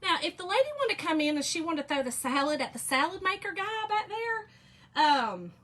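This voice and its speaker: A woman's voice: very high-pitched, very animated, normal speed, fairly bright tone. A woman with a Southern US accent chatting and telling stories to her livestream viewers while she works on a craft project, laughing often. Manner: talkative, laughs often, speaks to chat as "y'all".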